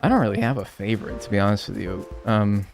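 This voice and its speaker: A man's voice: fairly low pitch, fast, creaky, music in the background. A man streaming a game live, chatting casually, rambling and joking with viewers.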